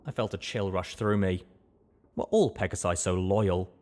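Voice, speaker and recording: A man reading a first-person fantasy audiobook in an expressive storytelling manner. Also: sits low, normal speed. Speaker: audiobook narrator.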